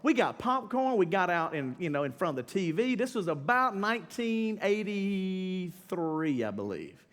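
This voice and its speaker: A middle-aged male pastor giving a casual, humorous sermon, slangy and animated, talking straight to the crowd and breaking into shouts. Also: sits high, moderate pace, hardly any pauses. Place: church sanctuary during a live service. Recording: long church-hall reverb with faint music behind.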